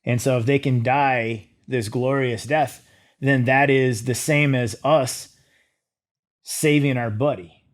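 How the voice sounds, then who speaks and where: A man's voice: medium pitch, slow. Laid-back man telling a war story. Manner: relaxed, conversational, with frequent fillers and light humor. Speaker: military veteran interview guest. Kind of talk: casual storytelling in a podcast interview.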